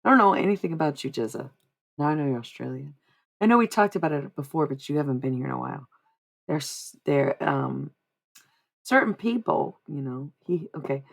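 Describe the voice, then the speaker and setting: A woman's voice: low-pitched, lively intonation, a little fast, gravelly. A young woman livestreaming, chatting casually and giving psychic readings, rambling and repeating herself with frequent laughs. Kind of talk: casual live-stream chat.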